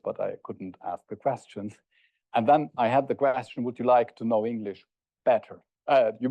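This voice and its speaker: A middle-aged man lecturing at an academic conference, pausing to hesitate and often checking in with the audience with "yeah?". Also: on the low side, creaky, dry recording. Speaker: university lecturer. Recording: dull, dry lo-fi recording.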